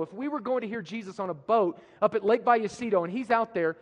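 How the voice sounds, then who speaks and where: A man preaching a sermon, emphatic, swinging from loud declarations to hushed passages. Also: sits high, fast, few pauses. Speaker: pastor. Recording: live preaching with long hall reverb.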